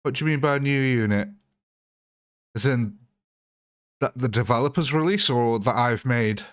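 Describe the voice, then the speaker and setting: A man's voice: mid-range voice, normal speed. A man streaming a game live, chatting and joking while he answers viewers by name. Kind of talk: live gameplay commentary answering chat.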